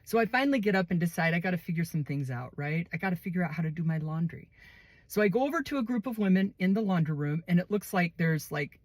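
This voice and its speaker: A woman casually telling a personal story in a relaxed, conversational way. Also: fairly low pitch, quick pace, no echo.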